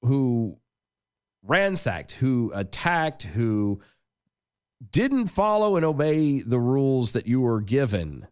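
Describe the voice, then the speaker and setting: A man chats on a podcast with a sarcastic, bantering edge. His voice swings widely in pitch as he mimics people and reads quotes. He talks in an animated way with his co-host. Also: takes it slowly, smooth. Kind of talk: casual political banter.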